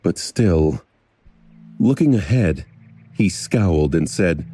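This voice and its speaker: A man reading a fantasy novel aloud as a narrator, in a measured, even storytelling delivery. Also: deep voice, slight background noise. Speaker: audiobook narrator. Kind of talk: scripted narration.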